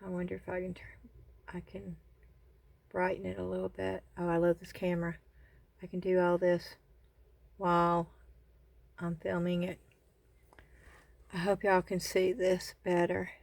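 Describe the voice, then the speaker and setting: A woman with a Southern US accent hosting a casual crafting vlog from her phone camera, gushing with excited exclamations. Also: on the low side, unhurried, creaky, pauses often, no room sound. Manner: excited exclamations, says y'all a lot. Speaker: craft channel host.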